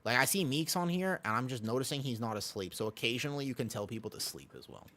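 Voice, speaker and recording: A man's voice: medium pitch, big pitch swings, quick pace, fairly bright tone. Man, game streamer, casual stream chat, emphatic, repetitive, profane. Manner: talks to chat and friends while teaching.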